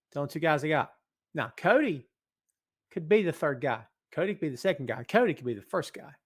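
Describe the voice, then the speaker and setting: A middle-aged man hosting a live wrestling podcast from his office, reading out chat comments in an animated, hyped way. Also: on the high side, a little fast, breathy edge. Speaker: podcast host. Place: home office.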